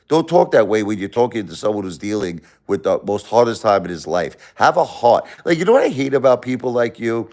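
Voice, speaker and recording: A man hosting a live stream, angrily lecturing and insulting a chat commenter with lots of profanity, swinging between loud outbursts and low muttering. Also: big pitch swings, brisk. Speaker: livestream host reading chat. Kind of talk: livestream rant at a chat commenter.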